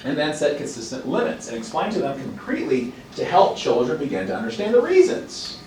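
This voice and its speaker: A man's voice: fairly high pitch, big pitch swings, fairly quick, darkish tone. A man teaching a college class, reading items from a list and explaining them with acted-out examples. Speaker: college instructor. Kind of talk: classroom lecture. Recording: echoey room, mic at a distance, faint background noise.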